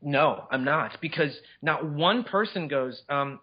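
A man co-hosting a casual movie chat, talking in excited, incredulous bursts with many restarts. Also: on the high side, a little slow, few pauses, slightly rough, highs cut off. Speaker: podcast co-host.

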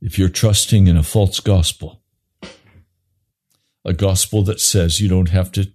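A man preaching an impassioned sermon, swinging from low grave tones to high urgent pleading. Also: steady tone, measured pace, darkish tone.

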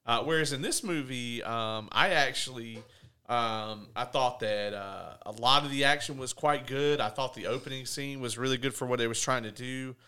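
A man's voice: medium pitch, moderate pace, sharp tone. A man hosting a casual movie review podcast, talking in an easygoing way with many fillers. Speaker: podcast host.

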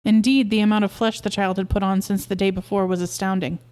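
Woman storyteller, steady and measured, mid pitch. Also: clean tone. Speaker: podcast host reading a story. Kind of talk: story reading.

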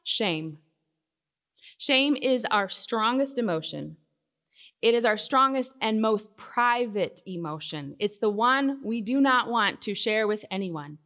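A middle-aged woman giving a faith talk to a live audience, telling stories with loud emphatic bursts that drop to hushed asides. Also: takes it slowly. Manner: lively storytelling, swinging from loud emphatic bursts to hushed lows. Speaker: Christian speaker. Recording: long hall reverb.

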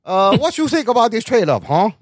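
High-voiced joking male podcast host. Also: very animated, a little fast, no room sound, clean studio sound. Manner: joking, laughs often. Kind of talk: casual chat.

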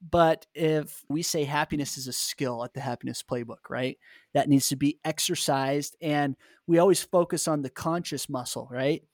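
A man's voice: fairly high pitch, fairly even intonation, moderate pace, darkish tone, dry recording, studio quality. A man hosting a podcast, reflecting on and encouraging his guest's story. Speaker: podcast host. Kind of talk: casual interview talk.

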